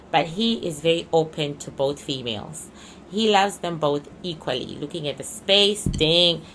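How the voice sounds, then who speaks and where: A woman with a low-pitched but bright, forceful voice talks through a casual card reading. She speaks emphatically and keeps circling back to restate her points. A faint hiss sits under her voice. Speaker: psychic reader.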